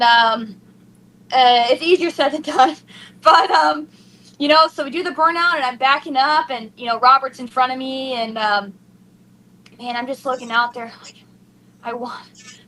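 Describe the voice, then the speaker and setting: A woman's voice: high-pitched, normal speed, long pauses, slight background noise, low-quality recording. A young woman racing driver, gushing and tearful in an emotional post-race interview. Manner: excited, gushing, breathless with emotion.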